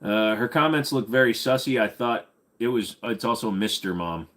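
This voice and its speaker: A man's voice: lowish voice, normal speed, fairly bright tone. A man hosting a casual live question-and-answer stream, rambling and swearing freely with lots of fillers. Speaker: livestream host.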